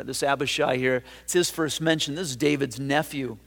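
A man preaching a sermon as pastor, talking in a relaxed, conversational way with frequent fillers and restarts. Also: medium pitch, moderate pace, gravelly, few pauses, long reverb tail.

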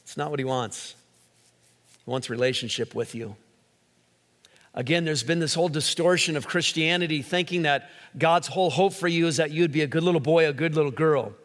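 Male preacher, lively delivery with voiced quotes, slightly high pitch, echoing hall sound. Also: a little fast. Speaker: pastor. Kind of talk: sermon. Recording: long hall reverb.

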